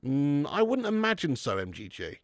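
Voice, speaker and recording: A man's voice: a little high, wildly swooping pitch, moderate pace, no room sound, studio quality. A man hosting a live football watch-along, reading the chat and chatting with viewers in a casual, sweary way, calling everyone mate and laughing often.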